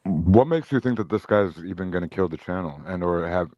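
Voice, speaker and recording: Deep-voiced man on dull lo-fi call audio. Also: animated, brisk, dry recording. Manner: easygoing, agreeable, interjects. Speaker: livestream panelist. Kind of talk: casual panel banter.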